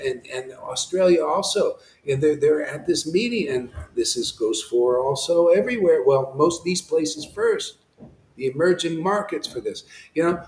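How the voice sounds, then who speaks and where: A man's voice: a little high, big pitch swings, normal speed, darkish tone, roomy sound, poor audio. A man giving an informal devotional satsang talk, rambling and impassioned, with frequent restarts and asides. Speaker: devotional speaker.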